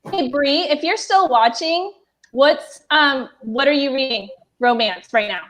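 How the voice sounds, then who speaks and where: A woman's voice: sits high, a bit bright. Encouraging woman hosting a video call. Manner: encouraging, quick affirmations. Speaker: bookshop host. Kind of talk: casual chat.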